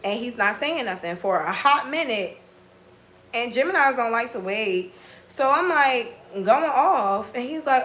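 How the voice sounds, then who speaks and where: A woman's voice: a little high, unhurried. A woman telling a dating story in a casual vlog, blunt and profane, acting out both sides of the conversation. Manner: blunt, profane, animated retelling with quoted dialogue.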